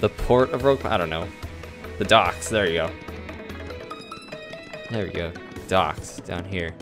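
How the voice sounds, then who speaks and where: A man's voice: sits low, a little slow, music in the background. A man giving casual, mumbled, self-deprecating commentary while playing a game. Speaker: let's play host.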